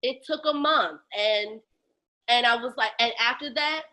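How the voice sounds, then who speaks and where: A woman, telling a personal story candidly in an interview, animated and acting out other people's voices, dropping low and quiet on painful memories. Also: a little slow. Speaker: guest, lactation educator.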